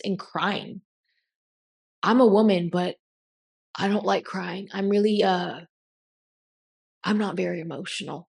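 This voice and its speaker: A woman's voice: medium pitch, unhurried, vocal fry, pauses often, husky. A woman giving a blunt, emphatic motivational talk as a self-help coach, swearing casually.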